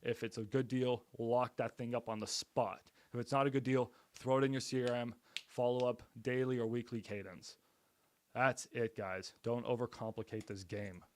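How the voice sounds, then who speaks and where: A real estate investor and streamer casually commentates on a live stream while making cold calls, blunt, upbeat and salesy, with the occasional swear. His voice is medium-pitched and delivered flatly at a normal speed.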